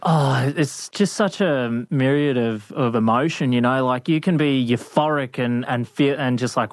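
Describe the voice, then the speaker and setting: A man, a veterinarian being interviewed, telling adventure stories in a casual, animated way with lots of laughs and fillers. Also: mid-range voice, unhurried, few pauses, no echo. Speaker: guest, veterinarian. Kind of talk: storytelling interview. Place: studio.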